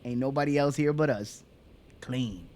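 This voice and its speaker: A man's voice: mid-range voice, moderate pace, a little mellow. A man chatting casually while streaming a game, rambling and laughing often. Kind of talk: casual chat while gaming.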